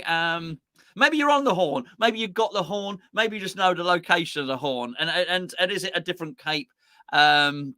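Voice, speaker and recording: A man hosting a live stream, rambling chattily and reading out viewers' messages, swinging between excited highs and low muttered asides. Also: no room sound, studio quality. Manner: rambling, chatty, talking to himself while reading out the chat. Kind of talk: casual live-stream chat.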